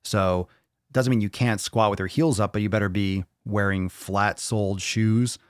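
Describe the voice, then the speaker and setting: A man with a lowish voice, recorded dry and close, running a casual live fitness Q&A. He reads out viewer questions and answers them bluntly, swearing freely. The delivery is loose, offhand and unscripted. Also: fairly even intonation, normal speed, smooth, dry recording. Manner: blunt and profane, reads questions aloud then rants.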